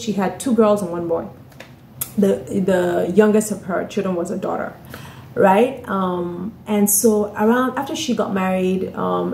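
Woman just chatting thru a story, mellow voice, keeps saying right? you know?, roomy echo. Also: medium pitch, vocal fry, a little hiss or hum. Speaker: author and vlogger. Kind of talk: casual storytelling. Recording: roomy echoey room.

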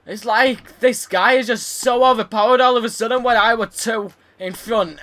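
A man's voice: very high-pitched, steady tone, normal speed, bright, forceful tone. A young man commentating his tennis game, frustrated, swearing and sarcastic. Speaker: gaming YouTuber. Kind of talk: let's play commentary.

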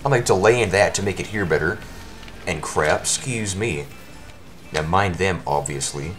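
A man giving live commentary over his own speedrun, his voice worn from shouting, talking at the game in exasperated outbursts. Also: deep voice, normal speed, soft background music.

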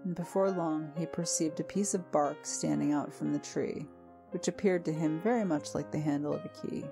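A woman narrating a storybook tale in a calm, measured reading. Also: sits low, gravelly. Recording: faint music behind.

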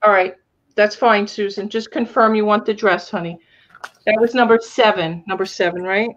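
A woman's voice: mid-range voice, steady tone, moderate pace, muffled recording. A woman with a Long Island accent hosting a live resale auction, chatting with viewers and reading out item sizes and bidder names. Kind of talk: casual live-sale patter.

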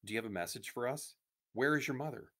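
A man playing a quiet, stern resistance leader. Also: medium pitch, pitched above the performer's own voice, lightly acted. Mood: firm. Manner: quiet, measured.

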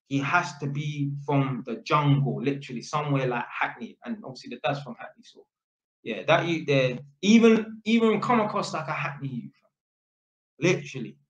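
Talking to camera, a man who works as an electrician spins a story in sweary street slang, dropping "innit" and "fam" constantly. His voice sits a little high with a fairly bright tone, and the sound is lo-fi with room echo.

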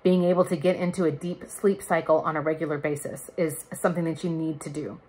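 A woman's voice: sits low, fairly even intonation, fairly quick, darkish tone, slight background noise. A woman in her thirties chatting candidly to camera in a casual vlog, laughing now and then. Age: 30s. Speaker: vlogger. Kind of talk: casual chat.

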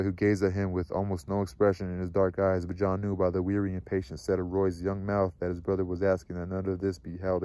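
A man reading a novel aloud in a measured, even storytelling manner. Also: sits low. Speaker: reader.

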